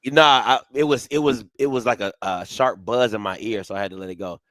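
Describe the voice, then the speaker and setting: A man hosting a casual sports talk show, cheering his co-host on as an excitable hype man. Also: on the low side, brisk, no room sound.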